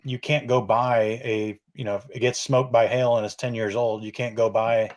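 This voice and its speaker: A man's voice: mid-range voice, level tone, normal speed, a little mellow. A male podcast guest explaining how roof insurance works, filling his sentences with "you know" and "um".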